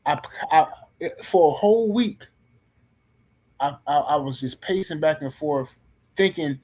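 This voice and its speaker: A middle-aged man on a podcast panel tells a story casually, in a blunt, profane and animated way, often restarting his sentences. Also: a little high, measured pace, pauses often.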